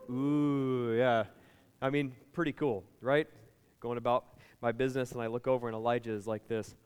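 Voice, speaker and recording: A man preaching a sermon, a pastor telling lively stories and talking with his congregation. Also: medium pitch, smooth, big-room sound. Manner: lively, chatty storytelling with the congregation.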